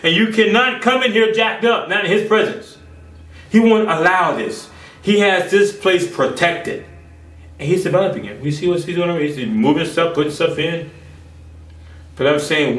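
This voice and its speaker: A man preaches with passion, lurching between loud declarations and hushed asides. His voice sits somewhat high. It is recorded from a distance in an echoey room. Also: moderate pace. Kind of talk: sermon. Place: home office.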